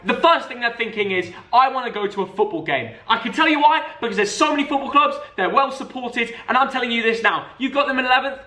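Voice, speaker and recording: A young man from Manchester hosting a casual chat, loud, teasing and argumentative. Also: very high-pitched, lively intonation, fast, hardly any pauses. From Manchester, England. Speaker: host. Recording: echoey room.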